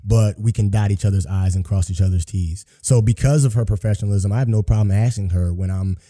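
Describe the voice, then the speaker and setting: A man talking as a podcast guest in relaxed, casual conversation, often acting out what other people say. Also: fairly low pitch, brisk. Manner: relaxed, acts out quoted voices.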